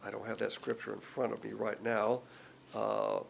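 A man's voice: lowish voice, flat delivery, moderate pace, creaky, a little hiss or hum, rough recording. A man teaching verse by verse from the Bible, explaining each passage in plain, conversational words and reading the verses aloud with more force.

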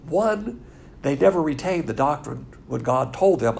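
Blunt, gravelly-voiced male Bible teacher. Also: on the high side, lively intonation, a little slow, a little mellow, a little hiss or hum. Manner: blunt, folksy, with wry asides.

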